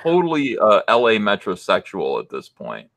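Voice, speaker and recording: A man co-hosting a casual livestream chat, his pitch swinging widely as he tells stories in a blunt, mocking tone. The sound is dry and close to the mic, with no room around it. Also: normal speed, gravelly, no echo. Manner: blunt, mocking, animated storytelling. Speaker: co-host.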